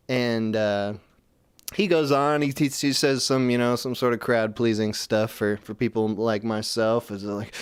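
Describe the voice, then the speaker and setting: A man hosting a call-in show, rambling through a comedic monologue full of profanity and deadpan asides. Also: mid-range voice, normal speed, smooth, dry recording, studio quality.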